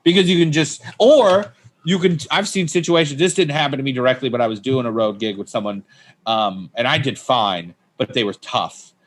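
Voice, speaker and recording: A stand-up comedian as a podcast guest, telling casual, swear-laden anecdotes in loose, rambling chat. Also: male voice, medium pitch, normal speed.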